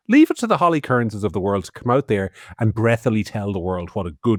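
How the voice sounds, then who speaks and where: Sardonic Irish man, lively pitch. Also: fairly quick, few pauses, dry recording, studio quality. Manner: sardonic, swearing, swings loud and soft. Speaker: podcast co-host. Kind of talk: opinionated political chat.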